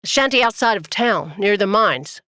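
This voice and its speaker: A woman's voice: medium pitch, animated, moderate pace, sharp tone, no echo, studio quality. A woman voicing a burly, protective young male miner who speaks bluntly and barks his words. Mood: gruff. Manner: blunt, barking.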